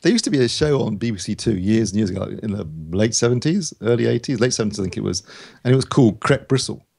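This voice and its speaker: A man's voice: medium pitch, fast, gravelly, a little mellow, slightly rough. A man reviewing films in a casual podcast chat, rambling with lots of ums and restarts. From United Kingdom.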